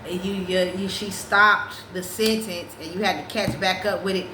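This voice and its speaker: A woman hosting a casual chat, talking in an animated, profane way, restarting her sentences and breaking into sung snippets. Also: on the low side, normal speed, slight background noise. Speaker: podcast host. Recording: roomy echo with faint ambience.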